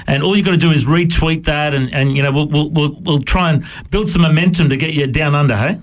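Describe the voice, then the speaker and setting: Friendly Australian male radio host, jokey and quick to laugh, slightly high-pitched. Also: fairly even intonation. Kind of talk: casual radio interview.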